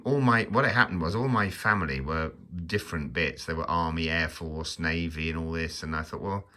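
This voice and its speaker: A man's voice: deep voice, sharp tone. A man hosting his own channel, chatting casually about a book in a rambling, stammering, self-mocking way with frequent asides. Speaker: channel host.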